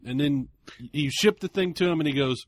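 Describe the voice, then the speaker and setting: Profane, animated man co-hosting a podcast. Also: on the high side, fairly quick. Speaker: podcast co-host. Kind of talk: casual chat.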